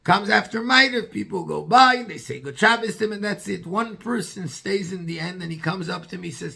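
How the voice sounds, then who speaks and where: A rabbi telling a story in a sermon, acting out the dialogue with a husky voice and dropping in Yiddish and Hebrew terms. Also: male voice, high voice, moderate pace, few pauses, bright, forceful tone.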